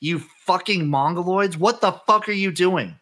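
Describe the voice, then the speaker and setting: A man co-hosting a casual sports podcast, his fairly high voice bright and forceful. He rants with plenty of profanity and sounds exasperated with the teams he follows. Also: moderate pace. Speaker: podcast co-host.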